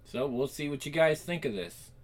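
A man's voice: on the high side, animated, normal speed. A man reading a comic aloud, with casual asides to listeners and a dramatic reading voice. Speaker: reader.

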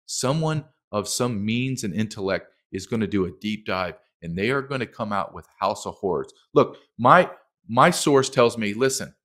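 A man's voice: lowish voice, animated, moderate pace, fairly bright tone. A middle-aged man speaking as a documentary filmmaker guest in a heated interview, emphatic and impassioned, acting out quotes.

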